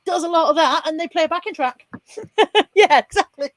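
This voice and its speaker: A woman's voice: very high voice, brisk, dry recording. A woman with a Bristolian accent chatting casually on a live stream, laughing often and reading out viewer comments. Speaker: co-host.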